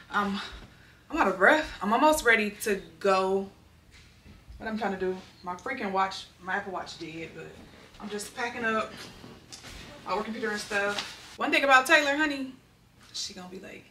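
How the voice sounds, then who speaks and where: A young woman chats openly to her viewers while she gets ready at home. Her voice is bright and lively. She sits a little away from the mic in a roomy, echoey space with a faint hiss behind her. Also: mid-range voice. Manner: chatty, candid, talks to viewers. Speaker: vlogger. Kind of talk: casual vlog chat. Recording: echoey room, distant mic.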